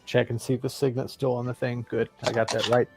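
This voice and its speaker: A man's voice: mid-range voice, flat delivery, fast, darkish tone, soft background music. A man playing a tabletop game, giving terse, wary in-character replies. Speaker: player. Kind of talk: casual tabletop play.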